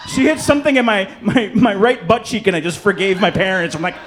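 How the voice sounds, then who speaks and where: A man's voice: sits high, animated, fairly quick, a little hiss or hum. A man from Chicago performing a stand-up comedy set on a club stage, brash and punchy, working the crowd. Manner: crowd work, brash punchy delivery with swearing. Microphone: handheld stage mic.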